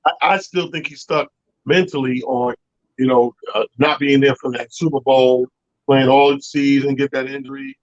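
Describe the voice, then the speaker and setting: A man co-hosting a casual sports talk show, giving relaxed, folksy takes with little stories. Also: mid-range voice, normal speed, dry recording. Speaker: co-host. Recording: dull, dry sound.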